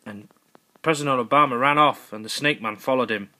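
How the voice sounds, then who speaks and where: A man's voice: medium pitch, fairly quick, pushed and bright. A man improvising a goofy, rambling comic story as narrator, correcting himself as he goes.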